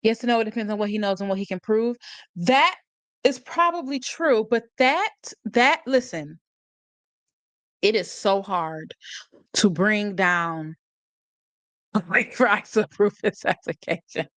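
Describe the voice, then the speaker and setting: A woman's voice: medium pitch, unhurried, pauses often, fairly bright tone, no room sound. A woman hosting a live stream, talking about a court case in a casual, sarcastic way, laughing often and reading out chat comments. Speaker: livestream host.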